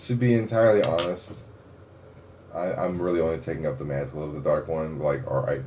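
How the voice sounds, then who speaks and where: A man's voice: rumbling low, fairly even intonation, fairly quick, mellow, reverberant, a little hiss or hum. A man playing a tabletop game, talking in a hesitant, self-deprecating way. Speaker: player. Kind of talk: casual tabletop game chat.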